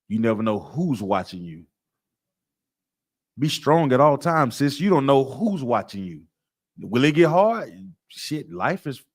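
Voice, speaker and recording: Emphatic man teaching scripture. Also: mid-range voice. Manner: emphatic, streetwise, repetitive. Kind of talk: preaching-style class lecture.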